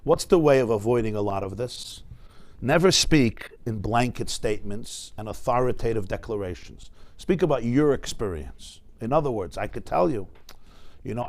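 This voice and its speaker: A man teaching a Talmud class. He swings between loud emphatic bursts and quiet asides, and asks the class rhetorical questions. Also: medium pitch, lively intonation, a little fast.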